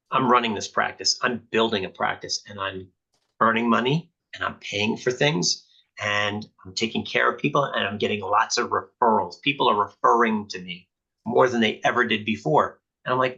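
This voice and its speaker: A man's voice: on the low side, bright, forceful tone. A middle-aged man and chiropractor talks casually and candidly to a peer group, often acting out quoted conversations in a raised voice. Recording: dull lo-fi sound.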